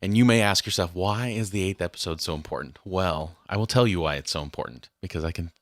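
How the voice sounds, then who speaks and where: A man's voice: low-pitched, fast, dry recording, studio quality. A man hosting a faith podcast, chatting casually and announcing with playful mock grandeur. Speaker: podcast host. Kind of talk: casual chat.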